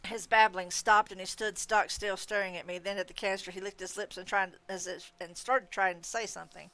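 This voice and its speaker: A woman narrating a novel aloud on a livestream in a mid-pitched voice. Her first-person reading is lively and expressive, moving steadily through the scene. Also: brisk. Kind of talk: live audiobook reading.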